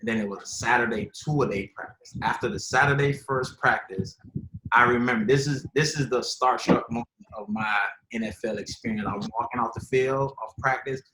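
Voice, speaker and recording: A former pro football player and college coach in casual, emphatic conversation with high school athletes. He speaks informally with slang and repeats himself as he tells stories and gives advice. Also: moderate pace, noisy background. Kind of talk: casual motivational storytelling. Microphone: video call. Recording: echoey room over a video call.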